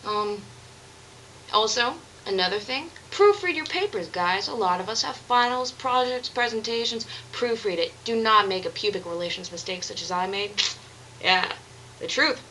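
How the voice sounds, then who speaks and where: Bright-voiced young woman vlogging candidly. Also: medium pitch, moderate pace, slight background noise, rough recording. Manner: candid, earnest, rambling with restarts. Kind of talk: confessional vlog monologue.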